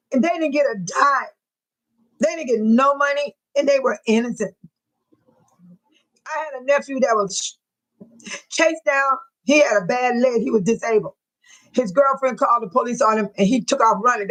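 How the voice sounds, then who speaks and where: A woman hosts a casual livestream and greets her viewers by name. Her voice sits a little high, and she talks with open feeling. The talk is loose and personal. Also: fairly bright tone, poor audio. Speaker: livestream host.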